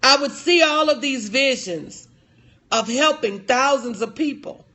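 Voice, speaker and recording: A woman's voice: high voice, measured pace, sharp tone. A middle-aged woman giving a motivational speech to an audience as a life coach, emphatic and repetitive in a preacher-like cadence, heartfelt and confessional.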